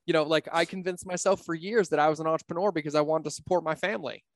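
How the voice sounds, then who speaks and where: The voice belongs to a man in his thirties with a fairly high pitch and a steady tone, racing along on a dry, studio-quality recording. A business coach and podcast guest, he keeps the conversation casual, blunt, candid and full of swearing.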